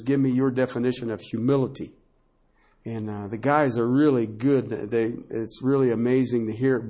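A male pastor preaching a sermon with animated delivery, swinging between low asides and high emphatic bursts and laughing often.

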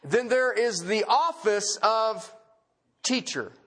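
A man's voice: high-pitched, slow pace, fairly bright tone, slightly rough. A male preacher giving a conversational sermon, asking rhetorical questions and repeating key phrases.

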